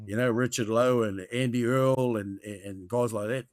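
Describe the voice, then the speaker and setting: Brief: NZ man, 50s, relaxed yarn-spinner, mid-pitched, dry close sound. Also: normal speed, no echo. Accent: New Zealand. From New Zealand. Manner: rambling anecdotal storyteller, peppered with "mate". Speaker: guest, former rugby player. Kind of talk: casual storytelling.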